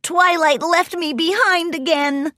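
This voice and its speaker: A woman's voice: sing-song, slow, a bit bright, dry recording, studio quality, heavily acted. A woman putting on a wailing young dragon boy. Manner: wailing, high and strained. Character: young male dragon, upset and whiny.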